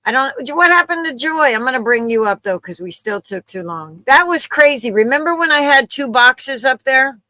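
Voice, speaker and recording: Bright-voiced woman hosting a livestream. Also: sits high, animated, moderate pace, hardly any pauses, dry recording, rough recording. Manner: flustered, chatty, talks straight to viewers. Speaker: livestream host. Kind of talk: casual live-stream chat.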